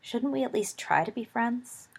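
Woman reader as a cocky schoolboy: husky, teasing, pitched up and pushed louder than the narration. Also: expressive, normal speed, exaggerated voice. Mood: coaxing. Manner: teasing, blunt, slangy. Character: brash, cocky teenage schoolboy.

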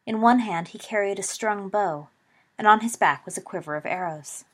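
Husky woman reading a story. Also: medium pitch, moderate pace. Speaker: narrator. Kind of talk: storybook narration.

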